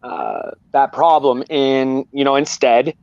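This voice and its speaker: A man's voice: mid-range voice, fairly even intonation, takes it slowly, a little mellow, no room sound, lo-fi sound. A man talking candidly and earnestly as a guest, rambling and repeating himself. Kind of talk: candid personal talk.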